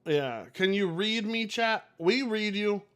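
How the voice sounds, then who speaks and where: This is a man hosting a live gaming stream, talking in a loose, rambling way to his chat, swearing and laughing easily. His voice sits a little high for a man and jumps around a lot in pitch, so he sounds very animated. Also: slow pace, clean tone. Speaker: livestream host.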